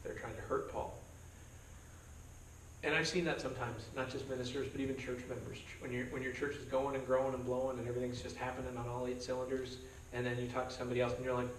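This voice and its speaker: Joking pastor teaching from afar. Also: male voice, mid-range voice, flat delivery, quick pace, slight background noise. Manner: conversational, joking, acts out quoted voices. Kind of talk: verse-by-verse Bible study sermon. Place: church meeting room. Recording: roomy sound from a distance, faint background.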